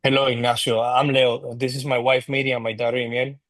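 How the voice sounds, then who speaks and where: A father who jokes with his family but stays cautious, played by a man. He speaks in a plain, mid-pitched voice with a reassuring tone. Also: flat delivery, fairly quick, a bit bright, natural voice.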